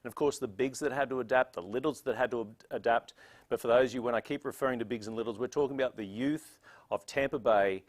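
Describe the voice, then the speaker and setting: A man's voice: mid-range voice, quick pace. An Australian man emceeing a gala with playful, jokey showman banter.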